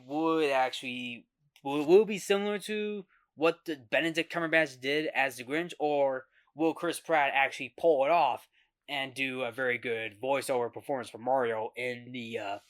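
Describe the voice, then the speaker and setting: A man hosting a casual film review monologue, talking in a halting way that often restarts and repeats words. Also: mid-range voice, a bit bright, dry recording, studio quality. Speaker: host.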